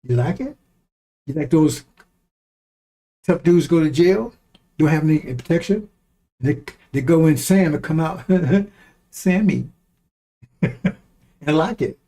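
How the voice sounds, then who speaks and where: Mellow-voiced man preaching bluntly. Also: a little high, animated, slow pace, long pauses. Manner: blunt and profane, repeats lines for emphasis; chuckles between remarks. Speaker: online commentator. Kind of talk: fiery preaching-style monologue.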